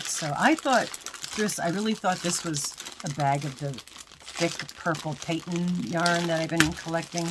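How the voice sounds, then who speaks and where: A low-pitched woman talks through a casual unboxing at home, rambling from one story to the next. She often restarts her sentences and pokes fun at herself. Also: noisy background. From United States. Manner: rambling, chatty, self-deprecating with frequent restarts. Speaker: crochet vlogger.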